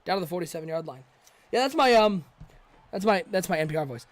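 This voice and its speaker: With a high-pitched voice and quick delivery, this man calls the action in an excited, talkative way for a live stream while bantering with his chat. There's no echo on the audio.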